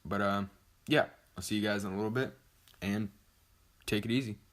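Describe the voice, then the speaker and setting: A man's voice: lowish voice, moderate pace. A teenage boy vlogger telling a story casually, rambling and swearing with lots of "like". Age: teens. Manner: rambling, profane, fillers like "like".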